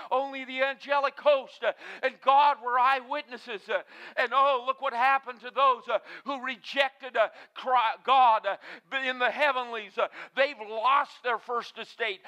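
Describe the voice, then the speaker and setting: Preacher guy, really high bright voice, emphatic, lots of uhs. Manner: emphatic, with frequent "uh" fillers. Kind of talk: sermon.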